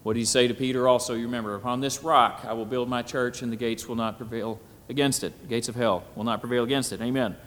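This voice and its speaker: A man preaching a sermon at a symposium, often pausing on "Amen" and building to emphatic, climbing phrases. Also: mid-range voice, steady tone, a bit bright. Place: hall at a symposium. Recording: echoey hall.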